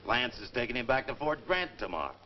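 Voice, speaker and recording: An actor playing a gloomy, sardonic trooper. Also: male voice, medium pitch, very animated, quick pace, lightly acted. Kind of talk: 1950s western film acting. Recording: dull old film soundtrack with faint noise.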